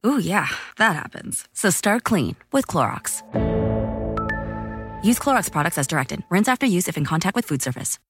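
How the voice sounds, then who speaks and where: A woman's voice: fairly low pitch, very animated, normal speed, music in the background. A woman reading a scripted commercial as the announcer, with upbeat delivery.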